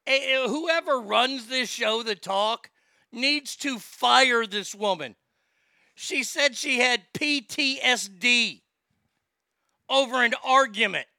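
A man's voice: very high voice, takes it slowly, vocal fry, bright, forceful tone, no room sound, clean studio sound. A man hosting a ranting commentary, sarcastic and incredulous, swearing freely. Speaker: commentary host.

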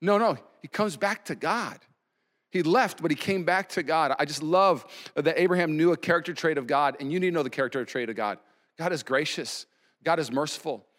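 A man in his thirties preaching a sermon as pastor, animated, with sudden loud exclamations. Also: fairly high pitch, a little fast.

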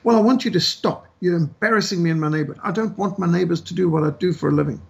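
A man voicing a defensive, dismissive woman doctor in brisk, matter-of-fact retorts. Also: sits high, creaky, slightly rough, highs cut off, exaggerated voice. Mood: indignant.

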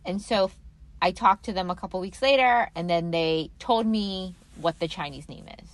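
A woman in casual podcast chat, telling a story with wry, quick asides. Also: lowish voice.

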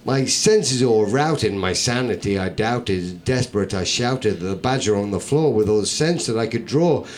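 A man's voice: lowish voice, lively intonation, moderate pace. A man performing a comic poem for a live audience, rhythmic, theatrical and wry. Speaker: comedian and performance poet.

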